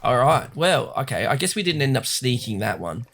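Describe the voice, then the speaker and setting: A man's voice: mid-range voice, sing-song, moderate pace, a bit bright. A man, rambling chattily while commenting on a video game. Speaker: gaming host. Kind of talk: casual let's-play commentary.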